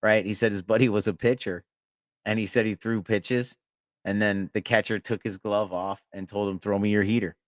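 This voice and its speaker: Rambling, low-voiced man telling stories. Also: steady tone, moderate pace, no echo, clean studio sound. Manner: rambling anecdotes with frequent laughs and profanity. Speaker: podcast co-host. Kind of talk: casual storytelling chat.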